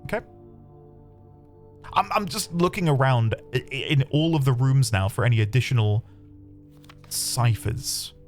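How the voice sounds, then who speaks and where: A man commentating his own game playthrough, chatty and excitable, talking to his viewers. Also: mid-range voice, measured pace, pauses often. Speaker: game streamer. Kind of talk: let's play commentary. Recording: faint background music.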